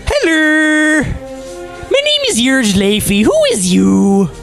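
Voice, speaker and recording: A man's voice: very high-pitched, big pitch swings, takes it slowly, creaky, a bit bright, soft background music, pitched above the performer's own voice, exaggerated voice. A man voicing a huge, dim-witted male archdemon centaur who talks in broken, simple-minded sentences. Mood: dopey, curious.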